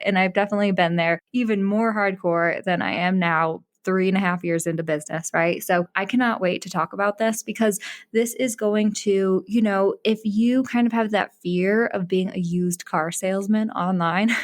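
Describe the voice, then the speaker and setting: A woman hosting her own podcast in a casual solo chat. She sounds bubbly and excited, laughs often, and keeps tagging her points with "right?". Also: medium pitch. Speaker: podcast host.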